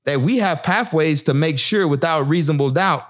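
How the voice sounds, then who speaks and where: Emphatic man, pitch leaping as he presses. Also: normal speed. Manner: emphatic, lively pitch, keeps checking in with "right?" and "you know?". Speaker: former Marine officer in discussion. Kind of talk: impassioned conversational discussion.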